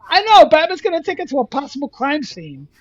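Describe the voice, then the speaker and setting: A man co-hosting a podcast, retelling a comic story in a casual, halting way with many restarts. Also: very high-pitched, huge pitch swings, dull audio. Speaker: podcast co-host.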